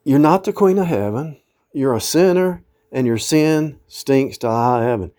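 A man's voice: medium pitch, expressive, unhurried, mellow. A man giving an informal sermon, quoting scripture in old-fashioned wording and scolding his listeners, with emphatic outbursts. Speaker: preacher.

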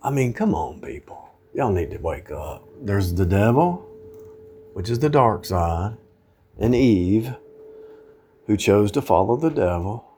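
A man's voice: on the low side, sing-song, unhurried, warm tone, slight background noise. A man giving an informal sermon, quoting scripture in old-fashioned wording and scolding his listeners, with emphatic outbursts. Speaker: preacher.

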